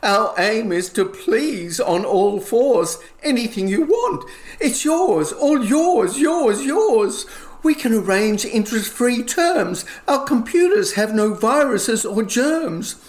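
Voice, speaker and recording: A man's voice: animated, slow. A man voicing a fawning, eager male store manager, recorded with a roomy echo. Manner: gushing, eager sales pitch.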